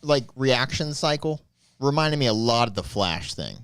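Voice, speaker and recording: A man's voice: mid-range voice, animated, normal speed, fairly bright tone, smooth, dry recording, studio quality. A man co-hosting a podcast, chatting casually and reacting with short interjections. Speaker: podcast co-host. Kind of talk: casual chat.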